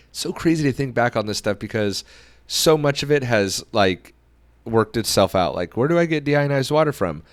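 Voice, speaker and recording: A male podcast host telling a story in a casual, animated way, acting out the people in it. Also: lowish voice, clear, resonant tone, no room sound. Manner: animated storyteller who acts out quoted dialogue.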